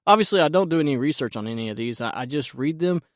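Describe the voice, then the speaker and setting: A man hosting a casual solo podcast, his voice croaky and stuffed up from sinus trouble, rambling and laughing at himself. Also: on the high side, animated, fast, no echo, clean studio sound. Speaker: podcast host.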